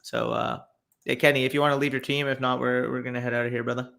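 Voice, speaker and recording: Bright-voiced man hosting a live stream. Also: medium pitch, level tone, creaky. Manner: reads viewer chat aloud and reacts, quick and loose. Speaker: fantasy football podcast host.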